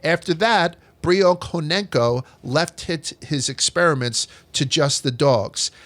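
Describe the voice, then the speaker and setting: A man's voice: fairly high pitch, slow, a bit bright. A man hosting a comedic history podcast, telling old stories with crude jokes and swearing. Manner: profane, joking storyteller reading out history. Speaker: podcast host.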